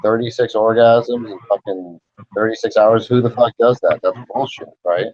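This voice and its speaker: Deep-voiced man, crude and sarcastic. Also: normal speed, a little mellow. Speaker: guest. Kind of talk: casual call-in chat. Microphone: computer mic on a video call. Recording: dull lo-fi online call audio.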